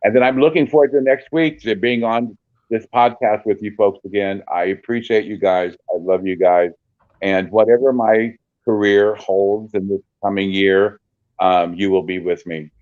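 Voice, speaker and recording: A man guest speaking earnestly and warmly about his holiday plans, halting with fillers. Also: lowish voice, fairly even intonation, no echo, phone-quality sound. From Peoria, Illinois area. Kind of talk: casual chat.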